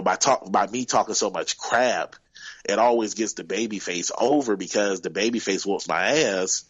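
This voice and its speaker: A man's voice: low voice, no echo, muffled recording. A man, a guest wrestler, telling stories casually in an interview, rambling with many fillers.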